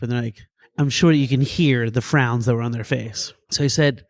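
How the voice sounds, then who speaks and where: A man in his thirties, a paramedic and emergency physician, telling a story in a podcast interview with goofy, animated energy and acted-out quotes. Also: medium pitch, a little fast, no echo, studio quality. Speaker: paramedic and EMS physician guest.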